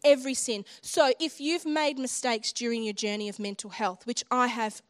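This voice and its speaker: A woman's voice: fairly high pitch, steady tone, moderate pace. A woman giving an earnest, personal sermon and altar call to a congregation. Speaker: church speaker.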